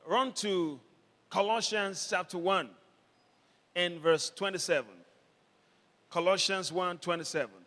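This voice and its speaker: Male pastor, high bright voice, slow deliberate sermon delivery, call-and-response, echoing church hall. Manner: call-and-response preaching, rising to shouts. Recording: long hall reverb.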